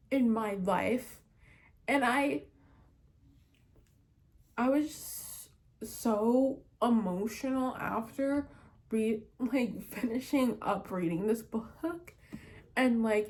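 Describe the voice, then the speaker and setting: A woman's voice: fairly high pitch, a little mellow. A young woman chatting casually about a book she read, rambling with many fillers and restarts and giggling now and then. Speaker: book vlogger. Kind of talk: casual book review chat.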